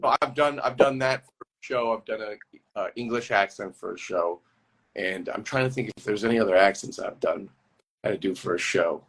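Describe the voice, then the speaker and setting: Man, husky voice, guest actor, casual video-call interview, rambling animated storyteller. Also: lowish voice, a little fast. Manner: rambling animated storyteller who laughs easily.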